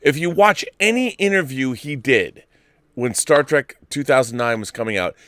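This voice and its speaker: A middle-aged man hosting a late-night live-stream chat, ranting and swearing with loud bursts. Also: mid-range voice, animated, moderate pace, dry recording, studio quality. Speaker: host.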